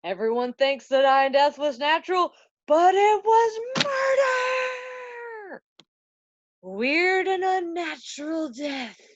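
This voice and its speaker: A woman voicing a vengeful dead king's ghost in casual slang, with slow dramatic emphasis, on a dry, dull recording. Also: sits high, lively intonation, no room sound, pitched above the performer's own voice.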